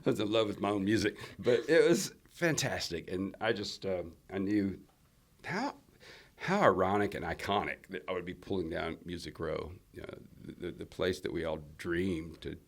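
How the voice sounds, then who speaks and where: A low, gravelly man chats loosely in an interview. He rambles through his stories, restarting sentences and leaning on fillers as he goes. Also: animated, normal speed. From Alabama, USA. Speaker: country singer, guest. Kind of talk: casual interview chat.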